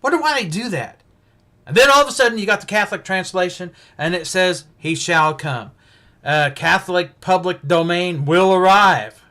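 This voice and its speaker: A man's voice: sits high, normal speed, sharp tone. A man hosting a casual livestream Bible study, thinking aloud with frequent restarts and fillers.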